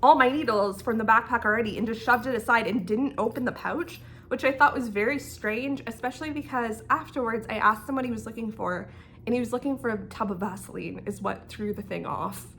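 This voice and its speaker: A young woman from Canada telling an animated storytime as a knitting vlogger, laughing as she goes and acting out the dialogue. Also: on the high side, fairly quick, slight background noise. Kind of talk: casual storytime.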